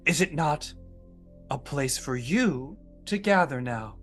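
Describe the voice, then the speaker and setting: Man doing a solemn preacher, hushed, slow, scripture-like sermon, tabletop game. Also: on the high side, expressive, soft background music. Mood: persuasive. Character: solemn male preacher leading a goblin flock.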